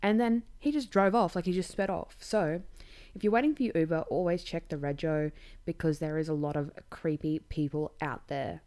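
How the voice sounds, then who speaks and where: A woman's voice: low-pitched, moderate pace, mellow. A young Australian woman hosting a podcast, telling a night-out story in blunt, sweary casual chat with laughing asides. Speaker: podcast host.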